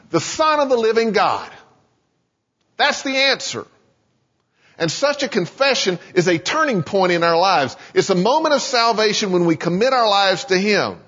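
A man preaching a sermon in a conversational, animated way, in a church sanctuary. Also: high-pitched, slightly rough. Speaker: pastor. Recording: dull lo-fi sound in a reverberant hall.

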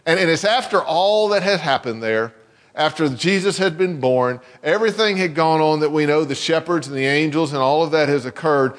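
A male pastor preaching a sermon, reading scripture and adding chatty asides with soft laughs. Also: a little high, moderate pace. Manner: conversational, chuckling asides between scripture readings. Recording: long hall reverb.

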